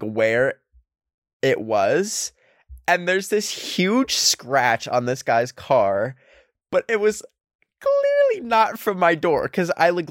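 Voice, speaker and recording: A man's voice: mid-range voice, no echo, studio quality. A man in his twenties telling a casual storytime at home into a handheld microphone, rambling with lots of "like" and laughing as he goes. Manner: chatty, rambling, full of "like" and laughs. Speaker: vlogger.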